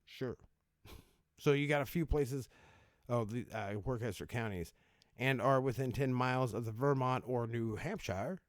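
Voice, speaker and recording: A man's voice: lowish voice, no echo, clean studio sound. A man hosting a casual video, reading out laws and reacting with swearing, laughter and stumbles over words. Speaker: video host.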